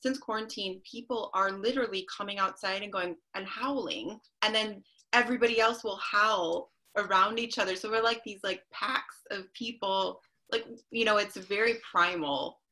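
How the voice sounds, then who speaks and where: A woman's voice: medium pitch, moderate pace, few pauses. A woman hosting a podcast interview, rambling casually with lots of fillers. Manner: warm-hearted rambling with many fillers. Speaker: podcast host.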